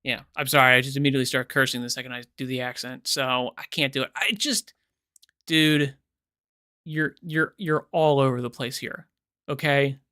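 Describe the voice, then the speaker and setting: A man hosting a reaction video, casual and sarcastic, animated and exasperated as he comments. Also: medium pitch, moderate pace, no room sound, studio quality.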